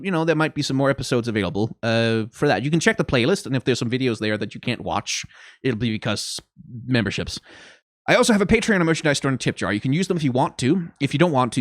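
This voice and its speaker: A man's voice: medium pitch, big pitch swings, fast, dry recording. Rambling, self-deprecating male gamer. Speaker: let's play host. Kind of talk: casual commentary.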